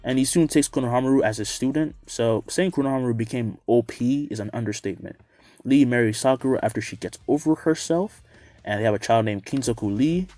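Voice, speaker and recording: A man's voice: mid-range voice, a little fast, dark tone, no room sound, faint music behind. A man casually retelling a fan story, cursing freely and adding off-the-cuff asides.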